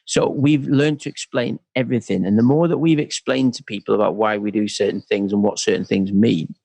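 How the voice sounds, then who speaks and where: Brief: male guest, gravelly texture, dry close sound, animated storyteller. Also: fairly low pitch, fairly quick, no room sound. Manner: animated storyteller, acts out quotes. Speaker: worship leader and church pastor, guest. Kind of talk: conversational interview.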